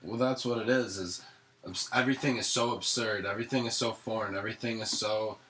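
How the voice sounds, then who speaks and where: A man with a fairly low, bright voice banters and teases at a quick pace. His voice rings in an echoey room. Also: fairly even intonation, slight background noise. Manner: teasing banter. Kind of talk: casual chat.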